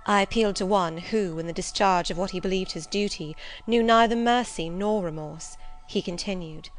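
A woman narrating a classic novel as an audiobook reader, with measured, expressive storytelling. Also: medium pitch, rough recording. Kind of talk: scripted literary narration.

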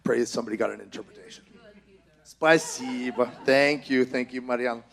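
A middle-aged man preaching a sermon with impassioned exhortations, rising to shouts. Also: medium pitch, moderate pace, gravelly.

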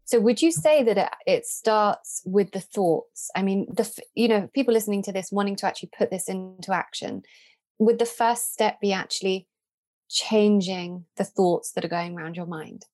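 A woman's voice: mid-range voice, moderate pace, darkish tone. A woman hosting a podcast interview, earnest, with hesitant restarts as she frames questions. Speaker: podcast host.

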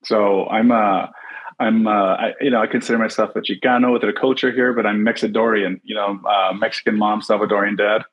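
A middle-aged man from Los Angeles, a guest in a casual interview, who tells stories in an animated way over a video call. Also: lowish voice, brisk, highs cut off. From Los Angeles, USA. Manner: animated storyteller, acts out quotes. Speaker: interview guest, actor and producer.

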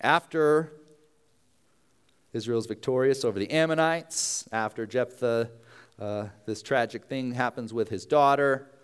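A man's voice: medium pitch, clean tone, in a large hall. A man preaching a sermon in a casual, conversational way, sometimes acting out the voices of the people in his story. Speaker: pastor.

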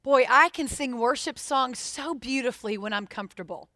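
A woman preaching a sermon, expressive and putting questions straight to her listeners. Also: high-pitched, moderate pace, no room sound, studio quality.

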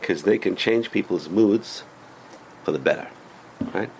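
A man teaching a religious class as a rabbi, animated and full of rhetorical questions to his students. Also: on the low side, a little slow, slight background noise.

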